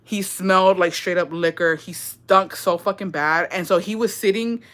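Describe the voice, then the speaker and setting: Speaking at normal speed in a voice on the low side, a young woman recounts a story for her livestream viewers. Her telling is animated and laced with profanity, with some Spanish thrown in.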